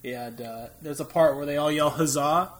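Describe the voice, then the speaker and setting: American guy cohosting a nerd podcast, kinda high voice, rambles and laughs a lot. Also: fairly even intonation, moderate pace. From United States. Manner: rambling, laughs often, jokey asides. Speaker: podcast co-host. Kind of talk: casual movie chat.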